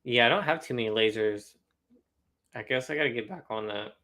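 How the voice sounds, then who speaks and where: Young male co-host, bright tone, easygoing chatter, quick laughs. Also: mid-range voice. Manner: relaxed, chatty, laughs often. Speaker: co-host of a card collecting show. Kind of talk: casual chat.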